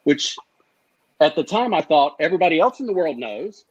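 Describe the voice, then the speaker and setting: A man's voice: fairly high pitch, big pitch swings, fast talker, a little mellow, husky, muffled recording. A middle-aged man guest candidly recounting an emotional story in an interview, swearing freely and acting out the exchanges. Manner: candid, profane, acts out quoted exchanges.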